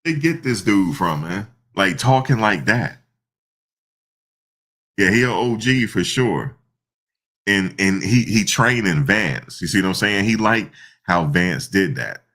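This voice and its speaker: A man giving casual, slangy reaction commentary, animated and repeating himself, often breaking into laughter. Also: fairly low pitch, slow pace, pauses often. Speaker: online commentator.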